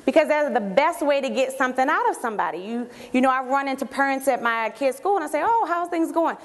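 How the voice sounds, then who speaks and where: A woman giving an energetic live training talk on network marketing, quizzing her audience as she coaches them. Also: high-pitched, quick pace. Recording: echoey hall with long reverb.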